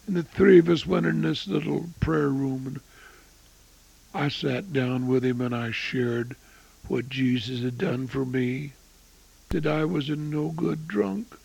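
An older man preaching an evangelistic sermon and telling his own testimony, swinging between booming and hushed. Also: fairly even intonation, a little slow, vocal fry, breathy edge, poor audio.

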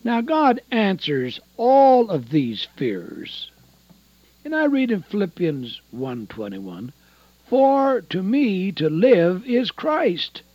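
An older man preaching a sermon, swinging between loud emphasis and hushed, low asides. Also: husky, no echo, highs cut off.

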